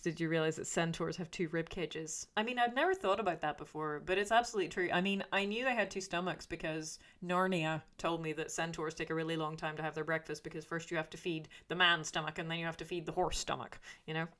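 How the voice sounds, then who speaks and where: Woman streamer, lowish voice, rambling and chatty, reading chat aloud, full of fillers. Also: steady tone, fast talker, few pauses, a bit bright. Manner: reads viewer comments aloud and answers them. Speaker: YouTuber reading live chat. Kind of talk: casual livestream chat.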